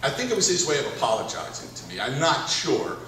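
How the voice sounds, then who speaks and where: A man's voice: medium pitch, quick pace, slight background noise. Man, director at a live Q&A, rambling, laughing storyteller; distant, hall echo, crowd murmur. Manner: rambling, chuckling, animated storyteller. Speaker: film director telling stories on stage. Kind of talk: anecdotal Q&A storytelling. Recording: echoey hall, taped from far off in the audience. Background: audience laughter and room ambience.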